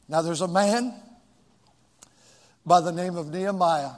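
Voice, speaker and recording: A male pastor preaching a sermon with call and response to his congregation, rising into shouts. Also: high voice, unhurried, long pauses. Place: large church hall with two floors. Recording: long hall reverb.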